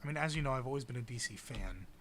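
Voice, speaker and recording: Bright-voiced man in casual chat. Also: medium pitch, lively intonation, very fast, slight background noise. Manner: opinionated, rambling with hedges. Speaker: podcast co-host.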